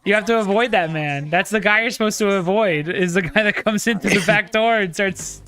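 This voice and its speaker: A man's voice: sits high, brisk, sharp tone, soft background music. A man co-hosting a casual reaction video, asking wry questions and joking.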